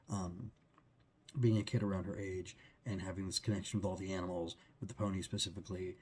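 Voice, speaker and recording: A man with a low, husky voice reviews a book chapter in casual conversation. He rambles and restarts his sentences often, and pads them with fillers as he thinks aloud. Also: darkish tone.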